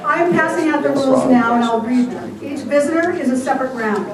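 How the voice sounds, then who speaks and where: An older woman with a high-pitched voice hosts a group game in a large hall with an audience, reading out the rules briskly and playfully. The recording is echoey and distant, with crowd noise.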